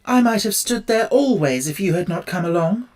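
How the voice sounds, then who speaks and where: Storybook tin man, sorrowful and courteous, slow pleading delivery, raised pitch, voiced by a male narrator. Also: lively intonation. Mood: grateful. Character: polite, sad, grateful tin man.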